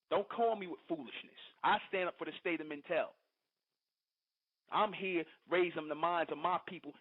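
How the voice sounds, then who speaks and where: Heated radio host guy ranting at a caller, kinda high voice, phone-line tinny sound. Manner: combative, scolding, repetitive lecturing. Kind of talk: heated call-in radio rant.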